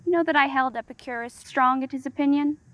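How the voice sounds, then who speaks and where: A woman playing a Roman general before battle, speaking a Shakespearean monologue gravely. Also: high voice, fairly bright tone. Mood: foreboding. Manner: grave, slow. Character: Cassius, Roman general facing defeat.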